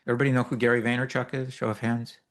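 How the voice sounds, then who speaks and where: A man teaching a live workshop, walking through a software demo in a loose, explanatory way with many fillers and asides. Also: medium pitch, little pitch movement, very fast. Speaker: workshop instructor. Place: workshop room with a live audience.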